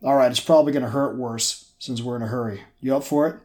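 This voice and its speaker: A man's voice: mid-range voice, steady tone, fast talker, darkish tone, natural voice. Grumbling, irritable man, read by a man in his own voice. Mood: irritated. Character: irritable man doing a rough procedure.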